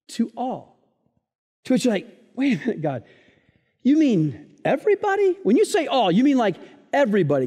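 A pastor delivers a sermon in a high, bright-edged voice, and a long reverb trails his words through the hall. He preaches in an animated way, full of playful asides and stories. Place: church hall.

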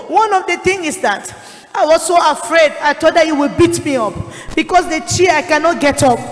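Lady evangelist, high voice, emotional testimony, gets shouty, long hall echo. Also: normal speed. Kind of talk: sermon testimony.

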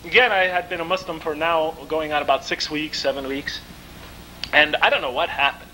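A man giving a lecture, telling stories in a vivid, animated way. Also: on the high side, normal speed, slight background noise, low-quality recording. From United States. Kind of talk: storytelling lecture.

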